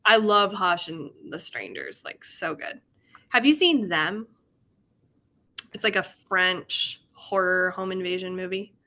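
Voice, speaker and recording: A woman's voice: fairly low pitch, animated, takes it slowly, pushed and bright. A young woman hosting a casual livestream, chatting in a rambling way, laughing often and reading out chat comments. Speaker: livestream host.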